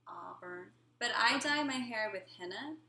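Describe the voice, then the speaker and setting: A woman's voice: fairly high pitch, lively intonation, moderate pace, sharp tone. A young woman co-hosting a casual family vlog Q&A, giggly and sometimes dropping to a near whisper. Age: young adult. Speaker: vlog co-host. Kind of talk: casual live Q&A chat. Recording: echoey room with faint noise.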